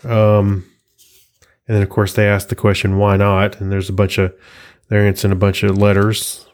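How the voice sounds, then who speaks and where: Low-voiced man rambling through a podcast. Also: completely flat delivery, normal speed, smooth. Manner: rambling, chuckling, reads captions aloud while flipping pages. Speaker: podcast host. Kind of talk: casual solo podcast chat.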